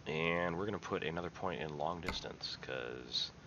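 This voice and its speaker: A man's voice: deep voice, moderate pace, muffled recording. A man casually chatting while playing a trucking game on stream, dry and teasing. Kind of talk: casual chat while gaming. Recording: clear background noise.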